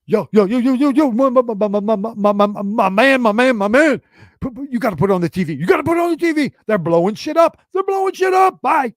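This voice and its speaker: A man's voice: extremely high pitch, animated, fast talker, dry recording, studio quality, pitched above the performer's own voice. A man voicing a panicked male friend leaving a frantic, stammering voicemail. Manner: frantic, stammering, repeating himself.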